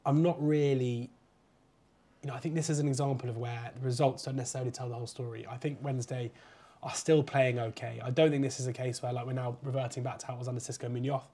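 A man hosts a football betting preview, his voice slightly croaky from being unwell. He talks in a chatty, easygoing way, dropping quick asides and fillers as he goes. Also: mid-range voice, little pitch movement, warm tone. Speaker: podcast host.

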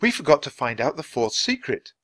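A cautious young boy thinking things through aloud, his voice raised and animated, as a man reading a storybook puts him on. Close, dry sound. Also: mid-range voice, fairly quick, no echo. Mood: thoughtful. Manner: careful, explaining.

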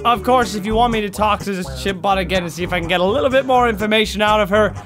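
A hoarse British man in his twenties giving loud, excitable gameplay commentary, swearing and trash-talking. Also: high-pitched, rapid-fire, over music. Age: 20s. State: hoarse, raspy throat. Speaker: gaming video host.

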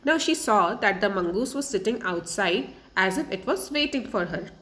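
A woman teacher reads a children's story aloud, pausing often to explain word meanings. Her voice sits at an ordinary middle pitch. She speaks patiently and restates each sentence in plainer words. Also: expressive, a bit bright. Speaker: English teacher.

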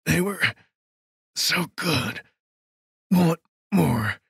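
A man's voice: a little high, expressive, extremely slow, vocal fry, a bit bright, husky, no room sound, studio quality, voice pushed up, exaggerated voice. Man doing a wheezing, deranged killer. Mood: gloating. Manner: sing-song, breathless and gloating. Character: deranged male serial killer, pinned and wheezing.

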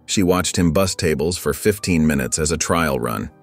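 A male storyteller with a very deep voice reads a scripted tale calmly and evenly. Faint music plays underneath. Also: moderate pace. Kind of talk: scripted narration. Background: faint background music.

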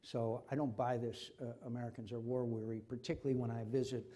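A man's voice: medium pitch, level tone, fast, mellow. An older man, a senator, speaking with passion in a forum conversation and repeating himself when stirred. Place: university forum hall.

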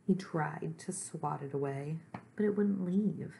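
A woman with a low, gravelly voice reads a children's book aloud at an unhurried pace. She plays the first-person narrator herself and breaks off for friendly asides to her young listeners, sometimes sinking to a soft whisper. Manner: slow and gentle, with chatty asides to listeners, sometimes dropping to a whisper. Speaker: reader. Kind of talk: storybook read-aloud for children.

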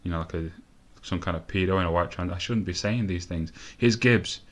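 A young man giving casual, sweary commentary on a football management game, rambling between excited outbursts. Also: sits low, a little fast. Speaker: gaming let's-play host.

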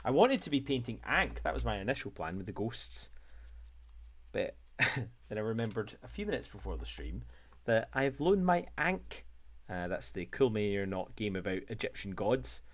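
A man's voice: lowish voice, sing-song, moderate pace. Jokey Scottish man streaming. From Scotland. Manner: rambling and jokey, laughs often. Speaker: hobby painting streamer. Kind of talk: casual livestream chat while painting.

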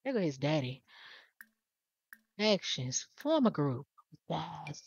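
A woman's voice: low voice, takes it slowly, slightly rough, no echo, dull audio. A woman giving casual, exasperated gameplay commentary straight to her viewers. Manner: animated, exasperated, talks to viewers.

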